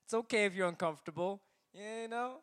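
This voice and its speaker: Joking guy, high bright voice, brash banter. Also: brisk, clean tone. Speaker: comedy troupe member. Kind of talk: casual chat.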